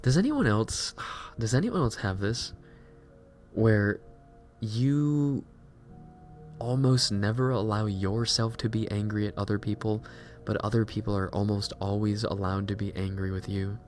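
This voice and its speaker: A man's voice: on the low side, measured pace, darkish tone, soft background music. A man hosting a livestream, chatting casually and reflectively while reading out chat messages. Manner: musing, self-reflective, reads chat aloud. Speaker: livestream host.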